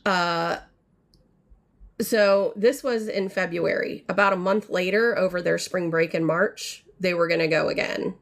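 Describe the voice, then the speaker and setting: A woman's voice: lowish voice, steady tone, a little slow. A woman in her thirties telling a family story to viewers, indignant and rambling, with fillers as she goes. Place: home art studio. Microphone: livestream mic.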